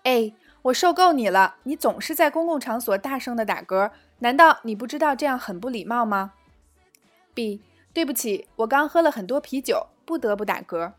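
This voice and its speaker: An English teacher with a high, animated voice leads a scripted lesson on phrases at a moderate pace. She reads short dialogue lines clearly and carefully, then explains them in Mandarin, with faint music playing beneath her.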